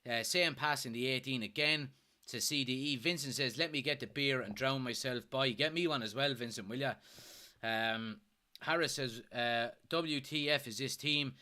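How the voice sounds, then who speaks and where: An Irish man with a Kilkenny accent hosts a live football watchalong, his voice bright and forward. He reads out viewer comments and vents in fed-up, swearing bursts at his team. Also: medium pitch, moderate pace. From Ireland. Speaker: fan watchalong host.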